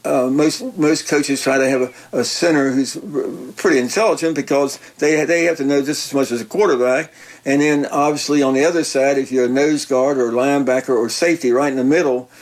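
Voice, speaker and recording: Gravelly older man, halting. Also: mid-range voice, steady tone, poor audio. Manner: halting, repeats words, folksy storyteller. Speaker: retired football coach. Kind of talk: casual interview chat.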